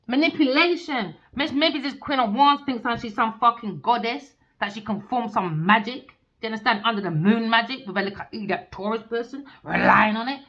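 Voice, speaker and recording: A woman's voice: on the high side, fairly bright tone. A woman giving a casual tarot reading in a blunt, profane, ranting way. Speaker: tarot reader. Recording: dull lo-fi recording.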